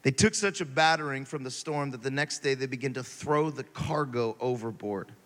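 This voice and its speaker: A man preaching a sermon, moving from quiet scripture reading to loud, animated exhortation. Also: medium pitch, normal speed, in a large hall.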